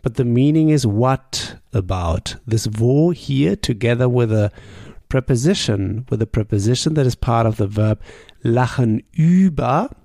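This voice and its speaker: A man, a native German speaker, teaching a language lesson with patient drills and sample sentences spoken slowly. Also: medium pitch, creaky, warm tone, dry recording, studio quality.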